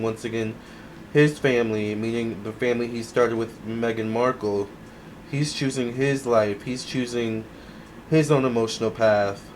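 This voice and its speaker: A man doing a casual tarot reading to camera, musing aloud in an unhurried way with many fillers. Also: mid-range voice, darkish tone, a little hiss or hum. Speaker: tarot reader.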